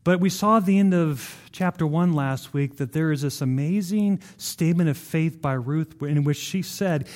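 High-voiced preacher telling a vivid story. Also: male voice, moderate pace, few pauses. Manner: animated storytelling, vivid retelling of scripture. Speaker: pastor. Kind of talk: sermon.

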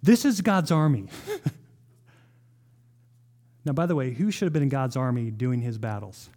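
A man preaching a sermon, reading scripture aloud and firing rhetorical questions at the congregation in an animated way. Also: medium pitch. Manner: reads scripture aloud with emphatic slowing. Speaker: pastor.

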